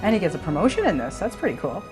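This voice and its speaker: A woman's voice: lowish voice, big pitch swings, very fast, darkish tone, soft background music. A woman interviewer asking friendly, enthusiastic questions.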